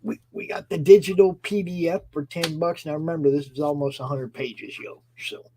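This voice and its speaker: A man hosting a live stream in a breezy, slangy way, with a gravelly, husky voice. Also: on the high side, fairly even intonation, normal speed, darkish tone, a little hiss or hum. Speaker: host.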